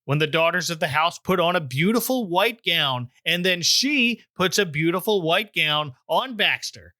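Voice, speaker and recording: A podcast host retelling a story scene by scene, dropping wry jokes along the way. The voice is bright and forward. It is recorded close and dry, with no room echo. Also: mid-range voice, expressive, normal speed. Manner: wry, joking asides. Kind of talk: recap chat, retelling the plot.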